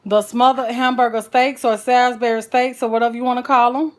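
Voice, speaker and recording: Lady cooking on a live stream, chatty and folksy, kinda high voice, keeps calling everybody honey. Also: little pitch movement, brisk. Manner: folksy and chatty, full of endearments.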